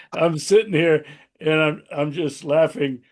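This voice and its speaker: A man hosting a political interview, asking measured questions and laughing easily. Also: fairly high pitch. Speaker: host.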